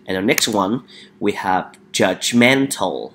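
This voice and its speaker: Slow, deep-voiced male English teacher. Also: a bit bright. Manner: repeats words for drilling, frequent hesitations. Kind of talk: vocabulary lesson.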